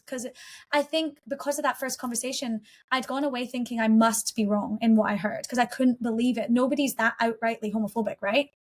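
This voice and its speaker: A woman guest on a podcast, telling a painful personal story in an earnest, heartfelt way, often restarting her sentences. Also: fairly high pitch.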